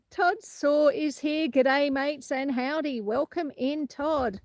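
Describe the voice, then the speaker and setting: A woman's voice: high voice, darkish tone, no room sound. A woman with an Australian accent hosting a casual livestream outdoors on a windy farm, chatting and laughing easily while greeting viewers by name. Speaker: livestream host. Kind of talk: casual livestream chat, reading comments aloud.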